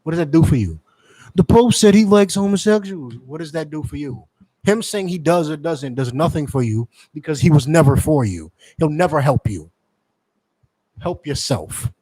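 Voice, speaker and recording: A man delivering a forceful sermon to his members, repeating points and asking rhetorical questions. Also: a little high, lively intonation, normal speed, no room sound, low-quality recording. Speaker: teacher addressing members. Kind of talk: street-preacher style sermon.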